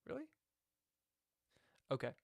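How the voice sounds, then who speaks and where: A man hosting a live chess stream, chatting casually and joking, with sudden loud outbursts and mumbled asides. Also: takes it slowly, no room sound, studio quality. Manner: playful, jokey, swings between loud outbursts and mumbled asides. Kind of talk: casual live-stream chat while playing.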